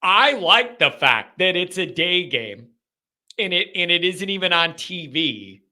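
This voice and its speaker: Bright-voiced man hosting a sports call-in. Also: high voice, unhurried. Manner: animated and mocking, with sudden swings in delivery. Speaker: host of a sports call-in show. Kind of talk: live call-in sports talk.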